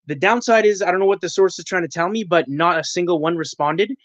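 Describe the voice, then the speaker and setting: A man from Canada on a livestream call, venting in an agitated, profane rush. His voice sits high and sounds dry and close, with dull, lo-fi call audio. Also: quick pace, a bit bright, no room sound. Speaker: caller, panel guest. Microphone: video call.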